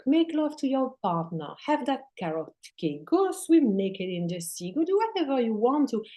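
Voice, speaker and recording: With a voice in the middle range, a woman who teaches spirituality talks as a guest in a relaxed spiritual conversation. Her speech includes casual profanity, and she sometimes softens almost to a whisper.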